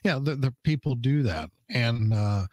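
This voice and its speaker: A man's voice: medium pitch, expressive, measured pace, a little mellow. A middle-aged man, a police public information officer, explaining a case earnestly as a radio interview guest, with many "uh" fillers.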